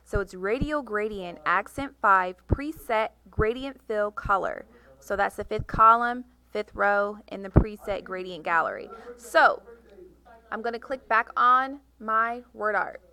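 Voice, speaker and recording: A woman teaching a software tutorial, talking through each click step by step and reading instructions aloud. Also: mid-range voice, measured pace, clean tone. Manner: reads instructions aloud, correcting herself. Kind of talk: screen-recorded software tutorial.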